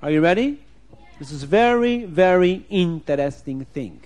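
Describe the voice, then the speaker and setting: A man telling a moral story to children, animated, acting out scenes and putting questions to his listeners. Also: high-pitched, a little slow.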